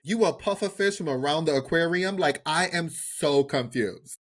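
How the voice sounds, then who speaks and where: A man co-hosting a podcast in casual chat, talking in an animated, incredulous way and drawing out his words for emphasis. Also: on the high side, normal speed. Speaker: podcast co-host.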